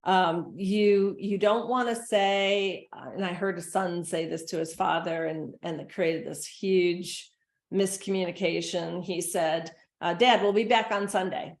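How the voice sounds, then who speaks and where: A woman's voice: on the low side, fairly even intonation, measured pace, reverberant. A middle-aged woman giving a recorded presentation to caregivers, talking in a conversational, earnest way. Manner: conversational, earnest, acts out gentle quoted lines. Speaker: dementia care consultant and presenter.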